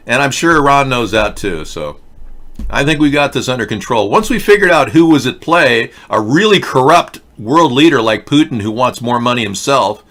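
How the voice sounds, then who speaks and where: A man's voice: medium pitch, animated, normal speed, fairly bright tone. A man hosting a livestream political rant, sarcastic, mocking and rambling as he talks to his chat. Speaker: host.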